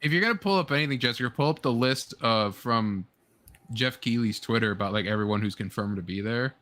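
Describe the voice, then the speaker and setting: A man's voice: medium pitch, fairly quick, a bit bright, dry recording. A man in a casual gaming chat, rambling and trailing into fillers.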